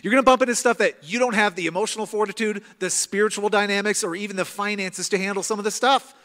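Animated high-voiced pastor in a reverberant hall. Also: male voice, fast talker. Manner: self-deprecating storytelling, animated. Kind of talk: sermon. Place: church auditorium.

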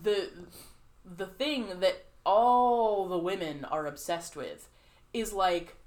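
A woman co-hosting a podcast, chatting casually with a middle-pitched voice. She rambles, fills gaps with "like" and "um," and acts out the voices of the people she quotes. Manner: rambling, filler-heavy, animated quoting. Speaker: podcast co-host. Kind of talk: casual chat.

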